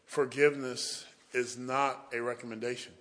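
A man's voice: mid-range voice, little pitch movement, moderate pace, a bit bright. A man preaching a sermon, telling folksy stories and often saying "boy".

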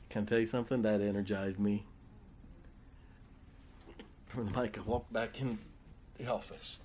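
A man's voice: fairly low pitch, steady tone, a little slow, pauses often, a little mellow, a little hiss or hum. A man preaching a sermon as pastor, telling folksy stories and joking with his congregation.

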